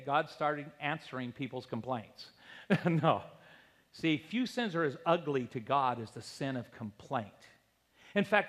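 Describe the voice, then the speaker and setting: A middle-aged man preaching in a church sanctuary, his voice riding high and swinging widely in pitch. He acts out the people he quotes. Long reverb trails after each phrase. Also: fairly bright tone. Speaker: pastor. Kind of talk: sermon.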